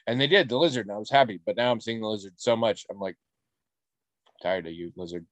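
A man co-hosting a podcast in casual chat, rambling and animated and swearing casually. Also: mid-range voice, very fast, no room sound. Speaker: podcast co-host.

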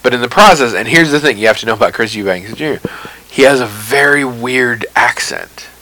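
A man co-hosting a podcast, telling a story in an animated way and laughing often. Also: medium pitch, fairly quick, rough recording. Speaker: podcast co-host. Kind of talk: casual chat.

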